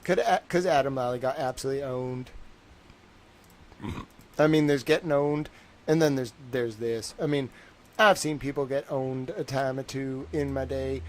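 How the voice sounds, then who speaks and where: A man with a Boston accent hosts a casual livestream about a court case. He talks in an animated, slangy way and circles back to the same joke again and again. His voice sits at an ordinary middle pitch. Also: moderate pace. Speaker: livestream host. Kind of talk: casual trial commentary.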